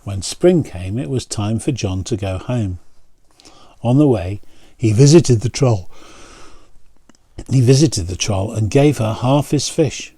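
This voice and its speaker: A pastor reads a picture book aloud at a slow, gentle pace, stopping to point out the pictures. His voice is mellow and warm, and the sound is dry and close. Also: on the low side, lively intonation, slightly rough, dry recording.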